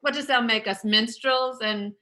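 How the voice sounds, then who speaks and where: A woman playing Mercutio in a Shakespeare reading, delivering the verse in an animated, mocking way. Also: a little high, normal speed. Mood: teasing. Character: witty, quarrel-mocking young male Mercutio. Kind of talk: Shakespeare reading over a video call.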